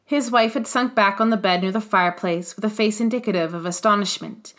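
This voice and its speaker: A woman narrating a classic novel in an audiobook, measured and expressive. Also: mid-range voice.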